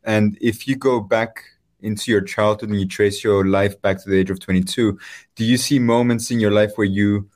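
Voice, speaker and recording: A man hosting an interview who asks measured, probing questions. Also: fairly low pitch, steady tone, a little mellow. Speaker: host.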